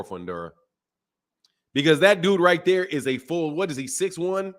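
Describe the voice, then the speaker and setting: A man's voice: fairly high pitch, sing-song, normal speed, fairly bright tone. A man hosting a boxing channel, casually chatting on a live stream and reading viewer comments, repeating phrases as he goes.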